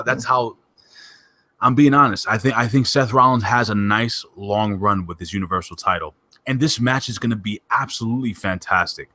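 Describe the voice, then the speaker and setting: A man hosting a wrestling podcast in casual chat, excitable and emphatic, joking as he talks. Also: mid-range voice. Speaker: podcast host.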